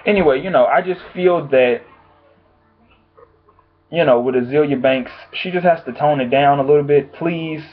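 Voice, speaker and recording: A man's voice: a little high, normal speed, long pauses. A man vlogging from home with blunt, profane, exasperated commentary on the news. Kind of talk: casual opinion commentary. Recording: tinny phone-like audio.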